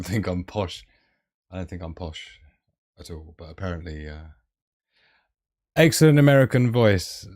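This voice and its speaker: A man's voice: fairly low pitch, darkish tone. A man hosting a casual live stream, rambling and giggly with lots of fillers.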